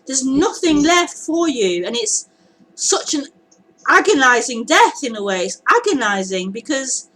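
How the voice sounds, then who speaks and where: A woman spiritual teacher answering a question in a live group talk, musing and halting. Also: high voice, very animated, a bit bright, poor audio.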